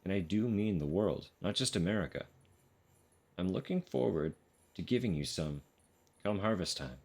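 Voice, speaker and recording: A rambling, folksy gourd grower tells an old flood story with homely pride, as a man reads his message aloud. The voice sits very deep and low. He strolls through the tale like a neighbour chatting across a fence, in a game letter. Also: animated, moderate pace, darkish tone.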